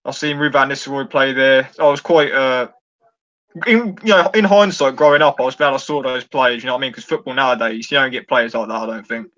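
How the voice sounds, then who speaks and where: A man's voice: mid-range voice, steady tone, brisk, bright, forceful tone. A man from the south of England with a southern English accent, chatting eagerly and rambling with fillers. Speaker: podcast guest. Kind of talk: casual chat. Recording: dull lo-fi sound.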